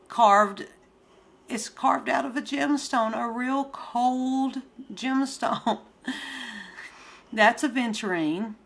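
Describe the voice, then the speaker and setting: A woman talks slowly and unhurriedly as she unboxes gemstones, gushing over each one and chatting straight to her viewers. Her pitch sits in a middle range, and plastic bags crinkle faintly in the background. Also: slight background noise. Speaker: gemstone and craft seller. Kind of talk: casual unboxing vlog.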